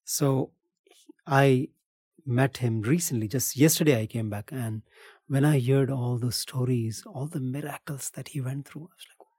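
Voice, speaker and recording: A man with an Indian accent, a breathwork and meditation teacher, answers in short, gentle, calm phrases. His voice is slightly husky. The sound is dry and close. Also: medium pitch, normal speed, no room sound.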